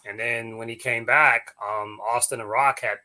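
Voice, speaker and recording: A man's voice: medium pitch, moderate pace. A man co-hosting a casual chat show, telling stories with slang and laughing often. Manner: animated storyteller, laughs often; coarse slang. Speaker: podcast co-host.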